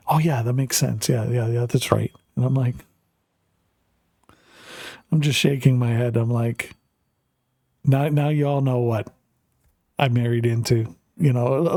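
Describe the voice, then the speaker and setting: A man's voice: mid-range voice, mellow, dry recording, studio quality. A middle-aged Canadian man, a streamer, telling a rambling family story with lots of fillers while gaming.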